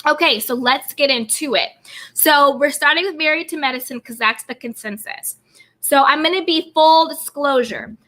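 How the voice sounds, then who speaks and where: A woman's voice: high voice, normal speed, bright, forceful tone. A woman hosting a live stream, chatting about reality TV in a bubbly way and greeting viewers by name. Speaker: YouTube host. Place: California home.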